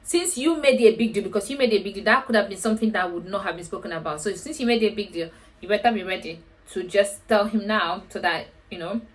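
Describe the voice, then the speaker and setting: A woman's voice: medium pitch, quick pace. A woman hosting a reality show recap, chatting casually and acting out quotes in a raised voice. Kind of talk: casual commentary.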